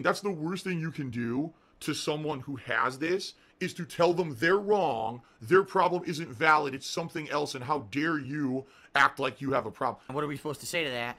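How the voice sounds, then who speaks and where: A man's voice: mid-range voice, animated, a little fast, bright, forceful tone. A middle-aged man streaming live, ranting and at times sarcastic as he talks to his viewers. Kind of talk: livestream talk.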